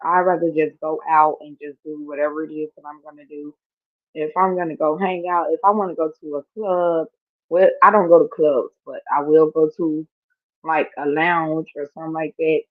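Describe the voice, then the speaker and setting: A woman vlogger chatting casually as she reacts to clips, expressive and quick to laugh. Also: low-pitched, no echo. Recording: tinny, phone-like dry sound.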